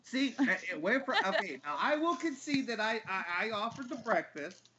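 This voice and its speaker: A man tells a story on a podcast at an easy pace and swears freely throughout. His pitch moves around a lot. The audio sounds slightly dull. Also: lively intonation, moderate pace, very noisy. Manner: profane, laid-back anecdote teller. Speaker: podcast guest. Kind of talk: casual storytelling.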